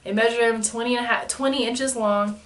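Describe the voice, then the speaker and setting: A woman's voice: on the high side, fairly quick. Woman, twenties, casual storytelling, laughs often, slightly distant mic. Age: 20s. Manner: animated, laughs often, acts out quoted lines. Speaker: vlogger telling her birth story.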